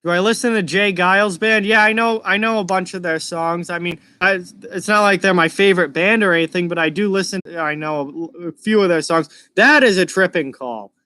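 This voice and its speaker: Bright-voiced young man from Massachusetts. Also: high-pitched, a little fast, few pauses, clear, resonant tone, dry recording. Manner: chatty, stops to answer live chat questions. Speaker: live-stream host. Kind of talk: casual live game reaction.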